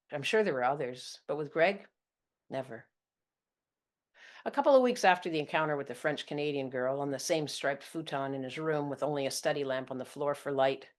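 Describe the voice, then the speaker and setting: A woman narrating her own first-person serial story in a blunt, intimate, confessional manner. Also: very deep voice.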